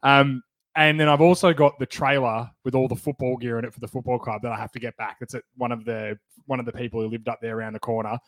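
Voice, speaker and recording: A young Australian man chatting on a podcast, with wry, deadpan remarks. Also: mid-range voice, quick pace, dry recording, rough recording. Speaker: podcast co-host. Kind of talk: casual chat.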